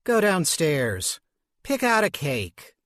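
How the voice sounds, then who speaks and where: A man voicing a short-tempered young mother who snaps and grumbles, her voice raised and pitched up. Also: huge pitch swings, slow pace, a bit bright, no room sound, clean studio sound, full character voice. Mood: irritated. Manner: harsh, snappish, grumbling.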